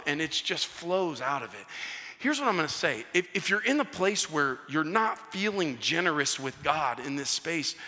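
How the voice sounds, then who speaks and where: A male pastor preaching a sermon, telling stories with animated back-and-forth dialogue. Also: fairly high pitch. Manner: animated storytelling, acting out dialogue. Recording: church hall reverb.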